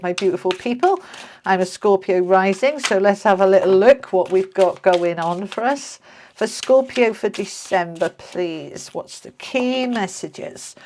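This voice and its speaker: A woman's voice: mid-range voice, a little mellow. A woman giving a casual, chatty tarot reading to camera, talking to her viewers like friends. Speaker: tarot reader.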